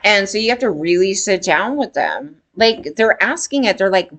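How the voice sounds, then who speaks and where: A woman's voice: medium pitch, very animated, normal speed, hardly any pauses, fairly bright tone. A woman giving casual opinion commentary in a blunt, rambling way, swearing freely.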